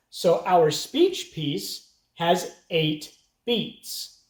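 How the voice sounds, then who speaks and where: An elementary music teacher teaching young children, speaking slowly and patiently and counting beats aloud. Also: medium pitch, big pitch swings, darkish tone, echoey room.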